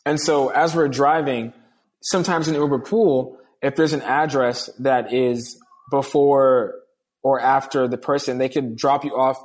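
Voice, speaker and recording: A man's voice: mid-range voice, fairly even intonation, unhurried. A man telling a long personal story in casual conversation, earnestly acting out the dialogue of the people in it. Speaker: guest.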